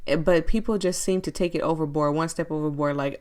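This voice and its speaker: A young woman streaming a game playthrough, chatting and reacting in an animated, gushing way. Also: sits low, a little fast, few pauses, clear, resonant tone. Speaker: streamer playing an indie game. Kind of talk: let's play commentary.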